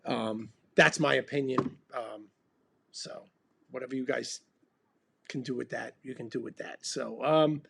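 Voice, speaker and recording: A man's voice: mid-range voice, a little slow, creaky, very noisy. A man in his fifties hosting a casual livestream chat, rambling and laid-back with many ums while sipping bourbon. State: drinking bourbon while talking. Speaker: band member hosting a livestream.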